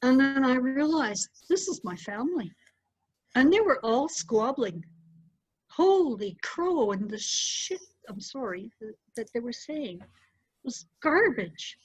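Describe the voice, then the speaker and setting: A middle-aged woman, a storyteller, recounting a personal story with animated delivery. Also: high voice, takes it slowly, husky, no room sound. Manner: animated, lively retelling with acted-out quotes. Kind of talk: personal storytelling to a small group. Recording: dull, muffled dry recording.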